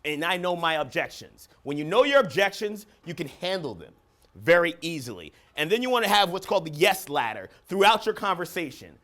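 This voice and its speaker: A man giving an energetic, emphatic motivational talk as a coach at a live seminar. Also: a little high, a little fast. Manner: energetic, emphatic, acts out phone calls. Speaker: business coach and seminar speaker. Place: seminar room with live audience.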